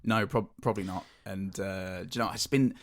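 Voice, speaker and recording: A man's voice: sits low, fairly even intonation, a little fast. A man co-hosting a casual comedy podcast, jokey and rambling. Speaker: podcast co-host.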